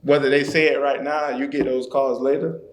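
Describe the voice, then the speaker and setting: A man's voice: mid-range voice, level tone, moderate pace. A man from Florida, a trainer talking earnestly and loosely as a podcast guest. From Florida, USA. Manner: earnest, loose, repeats "you know what I mean". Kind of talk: casual conversation. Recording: roomy echo.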